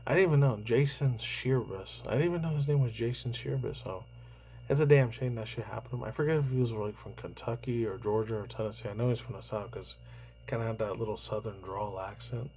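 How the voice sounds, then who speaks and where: A man's voice: medium pitch, quick pace, darkish tone, slight background noise, low-quality recording. A man in his thirties from New York, rambling through casual commentary, swearing freely and padding his talk with fillers. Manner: rambling, profane, heavy on fillers. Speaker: YouTuber reacting to news.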